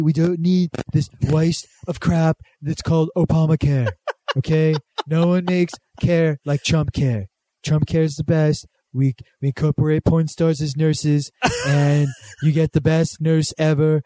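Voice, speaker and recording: A man's voice: on the high side, warm tone, no echo, close to an everyday voice. A man doing a bragging brash old politician. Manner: bragging, repetitive, slips into a British accent. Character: brash boastful older male politician impression.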